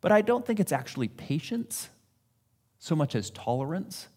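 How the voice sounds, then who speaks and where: A man's voice: fairly high pitch, big pitch swings, moderate pace, warm tone, breathy edge. A man giving a sermon in a conversational, self-deprecating way, acting out what people say. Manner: conversational, self-deprecating preaching with acted-out quotes. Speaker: pastor.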